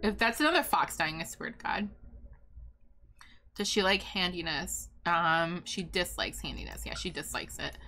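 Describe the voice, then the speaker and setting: Bright-voiced excitable woman streamer. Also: lowish voice, normal speed, soft background music. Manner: chatty and excitable, laughs often, talks to viewers in chat. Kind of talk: live gameplay commentary.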